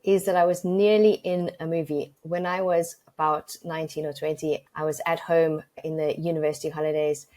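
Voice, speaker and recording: Woman, low voice, podcast guest, anecdotal storytelling. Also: level tone, a little fast, hardly any pauses, a little mellow. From South Africa. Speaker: guest, audit expert.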